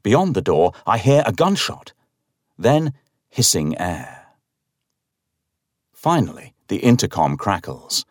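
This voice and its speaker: A man giving a dramatic, expressive first-person narration of a horror story. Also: lowish voice, takes it slowly, pauses often, dry recording, clean studio sound.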